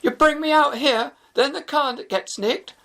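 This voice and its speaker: A man voicing a sarcastic young woman in a high, exasperated voice. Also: measured pace, vocal fry, a bit bright, full character voice.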